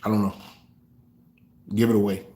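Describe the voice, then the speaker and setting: A man hosting a fan reaction show, trash-talking rival fans in a loose, animated way. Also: on the low side, normal speed. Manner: trash-talking, animated, African American Vernacular English grammar. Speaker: sports fan show host.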